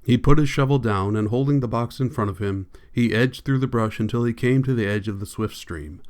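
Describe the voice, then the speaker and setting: A man narrates a novel for an audiobook at an unhurried, steady pace. His voice is smooth and clear, sitting at an ordinary middle pitch for a man, and he gives the characters' lines a light touch rather than full acting. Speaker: audiobook reader.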